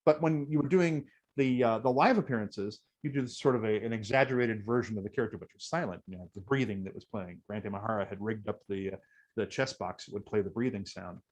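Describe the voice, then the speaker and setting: A man's voice: on the low side, fast talker, darkish tone, poor audio. A man guest in a casual interview, telling heartfelt stories with many fillers and restarts. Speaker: guest, costume performer.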